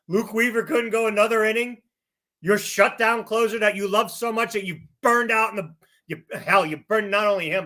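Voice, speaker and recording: Fired-up guy ranting on a sports podcast, high bright voice, cussing and yelling. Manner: angry, shouting bursts, profane. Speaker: podcast co-host. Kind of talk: heated sports rant.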